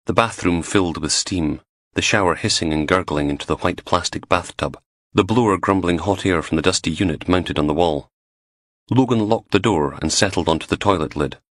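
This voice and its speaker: A man with a very deep voice reads an audiobook in steady, measured scripted narration. He is recorded close and completely dry, with no room sound. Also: no room sound.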